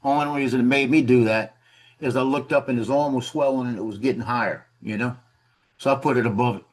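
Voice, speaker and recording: A man's voice: mid-range voice, steady tone, fast. Rambling man telling a story. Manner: rambling, repeats words, laughs at his own story. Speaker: storyteller on a video call. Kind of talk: casual storytelling. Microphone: video call.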